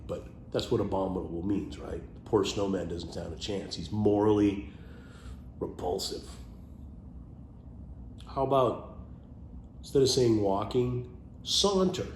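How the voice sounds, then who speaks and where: Man, lowish voice, playful casual monologue with muttered asides, roomy sound, faint hum behind. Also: a little mellow. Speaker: vlogger sharing favorite words.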